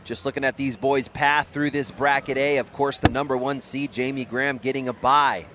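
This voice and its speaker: A man giving brisk, excitable play-by-play commentary on a tournament match. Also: medium pitch, a little hiss or hum. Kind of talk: sports commentary.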